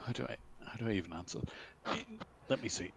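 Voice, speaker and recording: A man's voice: lowish voice, fast talker, gravelly, slight background noise. A man chatting casually on a livestream, amused and self-deprecating. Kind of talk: casual chat.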